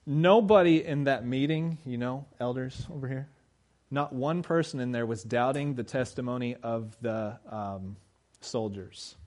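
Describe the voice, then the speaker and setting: A man's voice: mid-range voice, a little slow, darkish tone. A man in his thirties preaching a sermon in a conversational way, acting out quoted voices and building to emphatic peaks. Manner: acts out quoted voices of characters. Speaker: pastor.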